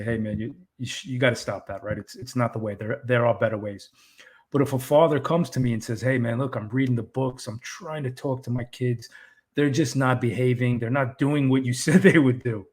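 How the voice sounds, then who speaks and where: A man co-hosting a casual podcast chat, speaking earnestly and encouragingly about being a father, often restarting his sentences. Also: medium pitch. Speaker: podcast co-host.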